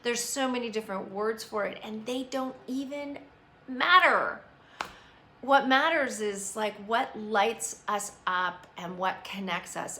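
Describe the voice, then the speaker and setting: A woman's voice: lowish voice, vocal fry, a bit bright, a little hiss or hum. A woman hosting a live stream, talking earnestly and reflectively about meditation and positive thought, with loose fillers. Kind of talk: casual spiritual self-help talk.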